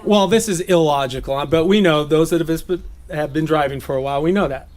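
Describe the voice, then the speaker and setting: A man from Southern California giving a relaxed, chatty sermon, laughing often and slipping into playful voices. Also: on the high side, brisk. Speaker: preacher. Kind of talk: casual sermon teaching. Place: gathering.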